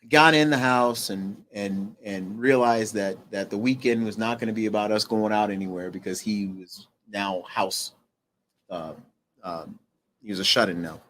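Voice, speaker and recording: A middle-aged man, a guest on an interview show, telling a personal story in a halting way with restarts and fillers, going quieter at the heavy parts. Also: lowish voice, steady tone, a little hiss or hum.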